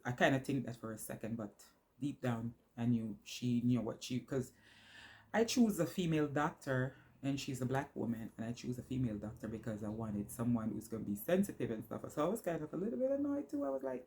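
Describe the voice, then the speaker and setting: A woman's voice: a bass voice, animated, a little fast, darkish tone. A woman vlogger telling a personal story to her phone camera, rambling and losing her train of thought along the way.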